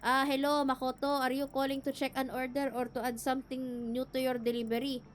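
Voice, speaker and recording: A woman's voice: sits high, little pitch movement, a little fast, lightly acted. A woman voicing a polite male delivery clerk in a game, speaking formally as if on the phone. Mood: courteous.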